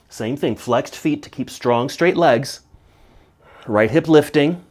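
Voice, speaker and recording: A middle-aged man teaching a yoga class, calmly cueing poses and breaths, slightly out of breath. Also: mid-range voice. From United States. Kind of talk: guided yoga class instruction.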